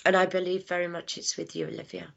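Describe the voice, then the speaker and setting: A woman working as a psychic medium, giving a live reading with halting speech, lots of fillers, hushed asides and affectionate words like darling. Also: on the low side, monotone. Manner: affectionate, calls people darling and my lovely. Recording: dull lo-fi sound.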